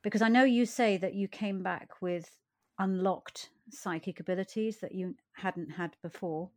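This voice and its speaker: A woman's voice: mid-range voice, moderate pace, a little mellow. A woman interviewing a guest, asking attentive, probing questions.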